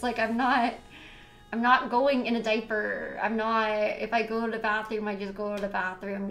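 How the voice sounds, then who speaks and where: A young woman with a high voice chats on a livestream, leaning on "like" in nearly every phrase. She sounds exasperated and defensive. Her voice rings in a roomy space with faint music underneath. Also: a bit bright. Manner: filler-heavy, repeats "like" constantly. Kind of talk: casual livestream chat.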